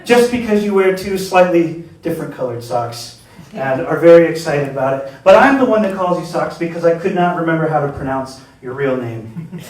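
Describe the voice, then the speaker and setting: Man, higher voice, exasperated comic rant at a live reading, booming echoey venue, heard from a distance. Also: expressive, normal speed. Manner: exasperated, addresses an absent person, laughs mid-sentence. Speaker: open-mic storyteller. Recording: very echoey room, voice from far off.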